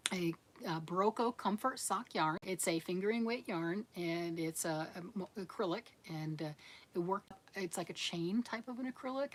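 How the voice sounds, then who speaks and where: A middle-aged woman casually chatting on a livestream, reading out viewer comments and answering them in a chatty, encouraging way with frequent laughs. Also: mid-range voice. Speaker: livestream host of a crochet channel.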